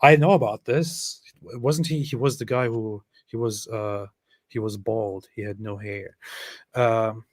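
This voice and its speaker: A man's voice: fairly low pitch, no echo. A man co-hosting a live stream, reading viewer comments aloud and commenting sarcastically. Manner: sarcastic, mock-reverent reading. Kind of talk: casual live-stream chat.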